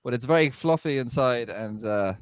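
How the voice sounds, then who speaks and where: A man's voice: mid-range voice, lively intonation, moderate pace, clean tone, dry recording. A young man doing a stand-up set on a video call, rambling and self-deprecating with stammering restarts. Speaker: stand-up comedian. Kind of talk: online stand-up set and casual chat.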